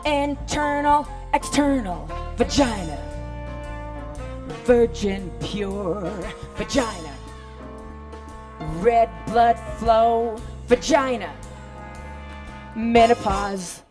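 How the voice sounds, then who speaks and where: A woman performing a rhythmic spoken-word chant with call-and-response, swinging between sung high lines and murmured low ones. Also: animated, drawn-out words, long pauses. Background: music.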